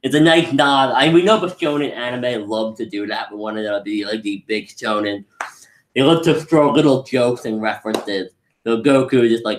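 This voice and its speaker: A man giving a casual, rambling live anime review, excitable and full of restarts. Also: fairly low pitch, normal speed. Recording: echoey room.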